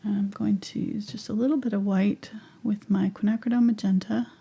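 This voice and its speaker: A woman's voice: mid-range voice, steady tone, moderate pace, vocal fry, dark tone, breathy edge. A woman teaching a live painting tutorial in a chatty way, thinking aloud and sometimes whispering to herself. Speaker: painting instructor.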